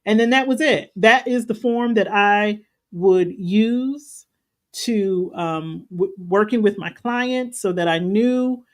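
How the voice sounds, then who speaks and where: A woman's voice: medium pitch, takes it slowly. A woman spiritual coach giving an earnest, folksy, conversational talk on a live stream. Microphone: live stream setup.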